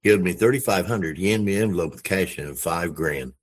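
A man with a very low voice tells a story from his own life in a plain, conversational way. He sounds earnest and moved as he speaks. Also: quick pace. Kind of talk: personal storytelling.

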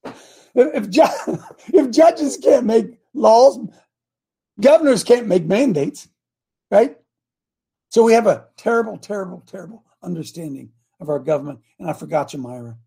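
Husky man as a fired-up show host, hammering each point slowly. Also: high voice, lively intonation, mellow. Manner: emphatic, repeats key words slowly, addresses helpers by name. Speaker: coach leading a Christian talk show. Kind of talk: fiery preaching-style talk to viewers.

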